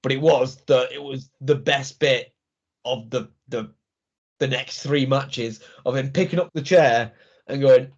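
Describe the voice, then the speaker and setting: A medium-pitched man co-hosts a wrestling podcast at an unhurried pace, the audio dull and lo-fi. Chatting casually, he retells the show with enthusiasm, cracking up and mimicking the crowd's reactions.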